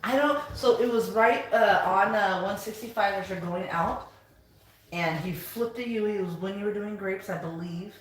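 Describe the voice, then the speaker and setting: A woman's voice: mid-range voice, normal speed. A woman co-hosting a live stream in a casual chat, chatty and full of fillers as she retells things and prompts her co-host. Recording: very echoey room, faint noise.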